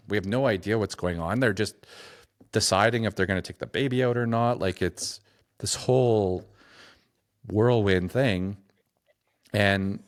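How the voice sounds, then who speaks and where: Low-voiced man recounting a story. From Saskatchewan, Canada. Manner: halting, many restarts and "like" fillers, reflective. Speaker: podcast guest. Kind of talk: personal storytelling in a conversation.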